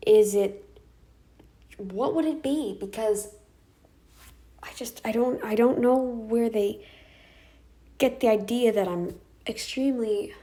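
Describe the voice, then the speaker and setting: A woman's voice: fairly high pitch, takes it slowly, pauses often, dark tone. A tired, tearful woman venting in a personal vlog from her bedroom, sighing and restarting as she talks. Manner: upset, venting, with restarts and sighs. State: tearful, exhausted. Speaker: vlogger. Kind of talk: emotional personal vlog rant. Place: bedroom, indoors.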